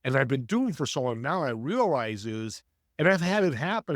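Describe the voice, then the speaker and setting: A man's voice: medium pitch, normal speed, no echo. A man guesting on a podcast talks with eager, preachy energy, turning to the listeners as he tells his stories. His voice sits in a mid register. The sound is close and dry, with no room around it. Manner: energetic, preachy, speaks to the audience. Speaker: podcast guest, networking coach. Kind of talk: conversational storytelling.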